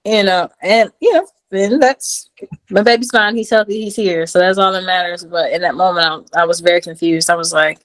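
A woman in her thirties tells her story with lively energy. She jumps up in pitch to act out quotes, then drops back to a casual, chatty voice. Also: a little fast, rough recording. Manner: animated, acts out quotes in a high voice. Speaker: guest.

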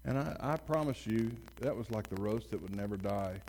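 Folksy rambling preacher man, low voice. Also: expressive, a little fast, darkish tone, a little hiss or hum, poor audio. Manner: rambling, folksy, many restarts and fillers; asks the congregation questions. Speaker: pastor. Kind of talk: informal sermon.

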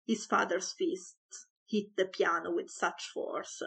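A woman reading a comic story aloud in a playful, expressive way. She takes her time over each sentence, in a mid-range voice. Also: medium pitch, takes it slowly, vocal fry, husky, low-quality recording. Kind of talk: storybook narration.

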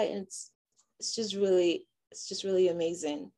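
A young woman from Nigeria, giving a halting personal testimony full of fillers and restarts. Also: lowish voice, mellow. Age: young adult. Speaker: interviewee.

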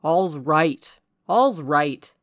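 A woman voicing a brusque, commanding gentleman who orders the frightened household to calm down. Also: fairly high pitch, normal speed, dry recording, clean studio sound.

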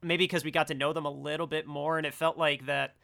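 A man's voice: fairly high pitch, flat delivery, brisk, creaky, bright, forceful tone. A man co-hosting a casual movie podcast, jokey and hesitant, stumbling over his words. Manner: hesitant, stammering restarts, jokey. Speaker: podcast co-host.

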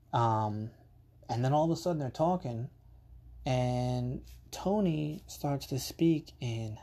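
New guy rambling thru a story on his podcast, mellow low-key voice, lots of ums and side tangents. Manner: rambling and conversational, swears casually, many ums and asides. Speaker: podcast host. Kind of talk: casual storytelling monologue.

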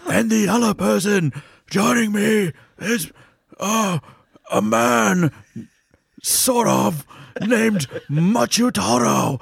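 A man voicing a creepy, raspy horror-film double, telling the intro like a slow, ominous fairy tale. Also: high-pitched, lively intonation, no room sound, clean studio sound, voice pushed up, full character voice. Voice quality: gravelly, slow and creaky. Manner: drawn-out, ominous storybook delivery.

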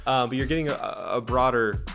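A young man hosting a solo sports podcast, rambling, correcting himself often and jumping up in pitch when excited. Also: a little fast, creaky, music in the background. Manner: rambling, self-correcting, animated with pitch jumps.

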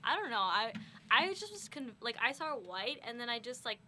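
A young woman in casual chat, animated and giggly, poking fun at herself. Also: on the high side, moderate pace, slight background noise. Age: young adult. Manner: animated, giggly, self-mocking.

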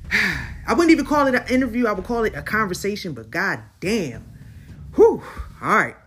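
A woman's voice: medium pitch, sing-song, normal speed, a bit bright, husky. A woman hosting a podcast in casual chat, recapping an interview in slangy talk and often checking in with her listeners. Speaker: podcast host.

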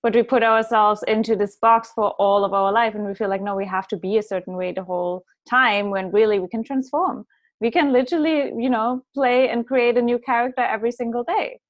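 A woman's voice: on the high side, fairly even intonation, brisk, lo-fi sound. A woman hosting an interview, thoughtfully sharing spiritual ideas and searching for her words. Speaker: host. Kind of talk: reflective spiritual conversation.

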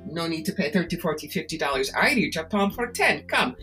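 A scheming fake fortune-teller, put on by a woman telling a story, grabbing at passers-by with a wheedling hard sell. She speaks broken English in a thick put-on foreign accent. The voice sits low and drops quieter than the storyteller's own. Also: very animated, brisk, soft background music.

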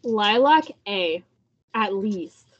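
A woman's voice: medium pitch, animated, extremely slow. A woman co-hosting a podcast in casual chat, playful and easygoing. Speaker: podcast co-host. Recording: slightly muffled podcast audio.

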